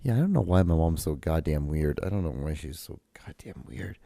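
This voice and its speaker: A man hosting a casual reaction vlog, rambling in a sarcastic, profane, deadpan way. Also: extremely low pitch, brisk, creaky, no echo, studio quality. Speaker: show host.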